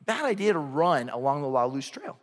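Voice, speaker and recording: A man preaching a sermon as a pastor, telling a story with lively asides. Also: fairly high pitch, brisk. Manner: storytelling, animated, acts out voices. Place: church sanctuary. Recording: hall reverb.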